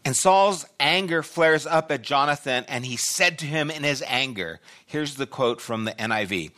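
An older man preaching a sermon as pastor, telling a personal story with loud bursts and quiet asides. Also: mid-range voice, animated, normal speed, hardly any pauses.

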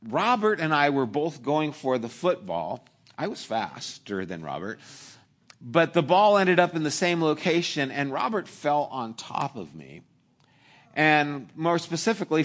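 Man preaching an anecdote-filled sermon. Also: mid-range voice. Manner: animated, humorous storyteller with asides to the audience. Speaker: pastor. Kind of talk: sermon with personal storytelling.

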